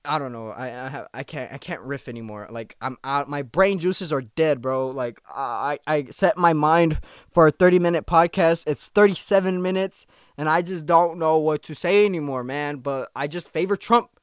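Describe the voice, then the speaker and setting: A man's voice: a little high, normal speed, smooth, no echo, studio quality. A man in his twenties hosting a casual podcast monologue, rambling, slangy and swearing, often joking, and tired from little sleep. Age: 20s. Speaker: podcast host.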